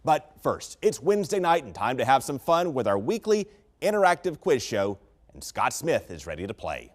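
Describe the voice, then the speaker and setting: A man's voice: medium pitch, very animated, normal speed. A man hosting a political comedy show, playfully reading out quiz options. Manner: playful quizmaster reading multiple-choice options. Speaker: host.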